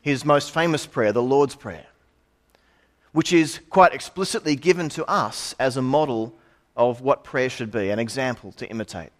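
A man's voice: mid-range voice, normal speed. A middle-aged man preaching a sermon in a conversational way, with asides and rhetorical questions.

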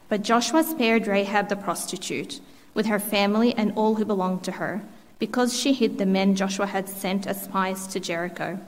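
Female reader, mid pitch, steady Bible reading; church hall reverb. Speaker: scripture reader.

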